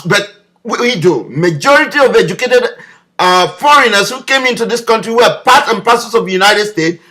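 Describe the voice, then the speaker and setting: A man's voice: extremely high pitch, bright, forceful tone. A man delivering an impassioned political video message, leaning on repeated rhetorical questions. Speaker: political commentator.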